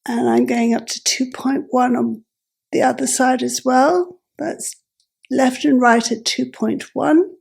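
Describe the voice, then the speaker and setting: A woman vlogger explaining step by step, her voice croaky and gravelly and breaking into breathy whispers, speaking in halting, self-correcting phrases. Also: high-pitched, fairly even intonation, a little mellow. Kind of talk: explaining while adjusting a device.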